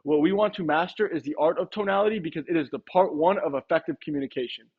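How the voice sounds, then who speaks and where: A man with a fairly high, husky voice coaches door-to-door sales reps in a direct, casual way. The recording sounds muffled and lo-fi. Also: fast. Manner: direct, coaching, acts out tone examples. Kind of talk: casual sales training talk.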